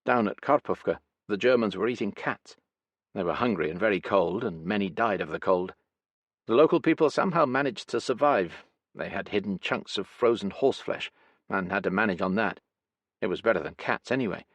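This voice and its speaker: A man's voice: lowish voice, animated, a little fast, dry recording. A man reading as an Armenian soldier with an accent. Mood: wry. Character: Armenian soldier, man, dark, talks plainly.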